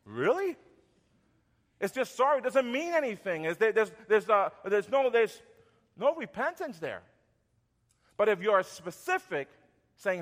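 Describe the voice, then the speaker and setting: A man in his thirties or forties preaching a sermon as pastor, conversational, repeating words and going soft when acting out apologies. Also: sits high, sing-song, a little slow, long pauses, long reverb tail.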